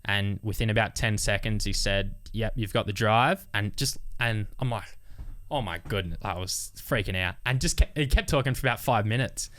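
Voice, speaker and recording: A man's voice: on the low side, moderate pace, no room sound. A young Australian man, a racing driver, telling stories in casual chat and acting out the quotes. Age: young adult. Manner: animated storyteller, acts out quotes with swearing.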